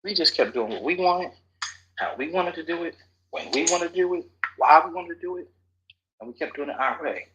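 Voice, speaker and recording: A man leading a Bible study class, animated and teasing his listeners, sometimes dropping to a whisper for emphasis. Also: fairly high pitch, a little fast, dull audio, a little hiss or hum. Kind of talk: lively Bible study teaching.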